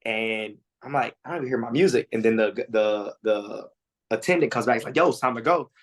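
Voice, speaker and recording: A man's voice: medium pitch, brisk. A man, a fighter, answering interview questions in casual talk, acting out quotes with lots of fillers. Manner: animated storytelling, acts out quotes; frequent fillers and restarts. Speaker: MMA fighter, interview guest.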